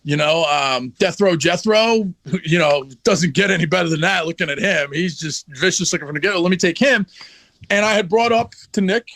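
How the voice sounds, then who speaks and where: A man's voice: sits high, normal speed, a bit bright, no echo. A man who is a wrestler guest, telling a story in a blunt, profane, heated way in a casual interview.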